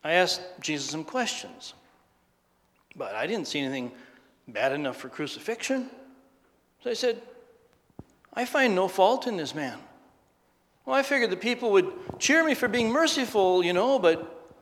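A man's voice: high-pitched, big pitch swings, normal speed, fairly bright tone. A man in a dramatic first-person monologue as a governor, stammering and troubled as he justifies himself. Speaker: actor in a Passion monologue. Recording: reverberant hall.

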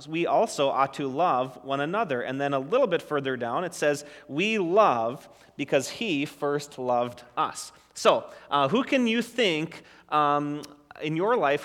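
A man leading a children's sermon as a pastor, gentle and encouraging, often restarting his sentences. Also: on the high side, expressive, unhurried, big-room sound. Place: church sanctuary.

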